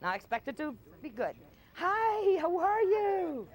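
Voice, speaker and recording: A woman's voice: very high voice, very animated, a little slow. Woman dog trainer out in a field, bossy no-nonsense tone, voice jumps all over. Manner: firm, commanding, no-nonsense; coaxing praise to the dog. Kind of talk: hands-on training session.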